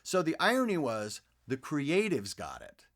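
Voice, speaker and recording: Man telling animated anecdotes in studio. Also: on the high side, unhurried. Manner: animated anecdotes, many fillers and restarts. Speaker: guest voice actor. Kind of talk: casual interview storytelling. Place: podcast studio.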